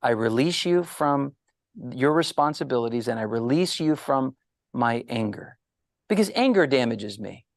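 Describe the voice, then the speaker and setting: A middle-aged man with a gravelly, fry-edged voice tells animated stories as an interview guest. He jumps into the voices of the people he quotes. The sound is close and dry, with no room echo. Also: medium pitch, moderate pace. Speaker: guest psychologist. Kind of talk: storytelling interview answers.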